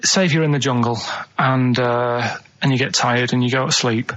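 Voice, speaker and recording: A man, a regular on a studio radio show, rambling deadpan about his worries. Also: mid-range voice, moderate pace, dull audio. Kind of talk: unscripted radio comedy chat.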